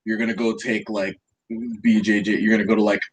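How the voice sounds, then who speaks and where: Low-voiced man roasting a friend. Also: little pitch movement, a little hiss or hum. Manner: profane, teasing, quick roasting jokes. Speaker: podcast co-host. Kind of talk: casual crude banter.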